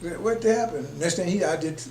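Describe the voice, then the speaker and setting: A man's voice: fairly high pitch, moderate pace, darkish tone. A man preaching on a broadcast in an emphatic, rambling way, chuckling between his points. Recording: echoey room with faint hum.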